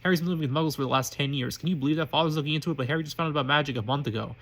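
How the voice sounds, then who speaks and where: A smug, contemptuous eleven-year-old boy from a fan story, read by a man in his everyday voice. He rattles along quickly, with slips and restarts. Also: a little high, a bit bright. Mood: scornful. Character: arrogant pure-blood boy of eleven, contemptuous. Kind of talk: reading fan fiction aloud.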